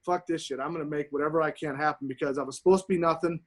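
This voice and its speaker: A man in his forties, a pro golfer telling profane, animated stories as a podcast guest. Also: a little high, very fast. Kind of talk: casual storytelling.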